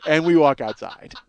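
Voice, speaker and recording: A man's voice: on the high side, slight background noise. A man telling a rambling, profane story as a podcast host, acting out what others said. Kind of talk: casual storytelling monologue.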